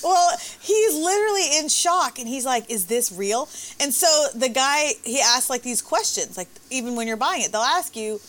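A woman telling a story in a casual chat, animated and laughing often. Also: high voice, moderate pace, hardly any pauses.

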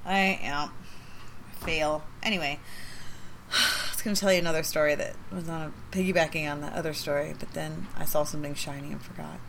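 A woman's voice: low voice, fairly even intonation, fairly quick, creaky, background noise. A woman in casual chat who tells rambling stories and laughs often. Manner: giggly, rambling storyteller.

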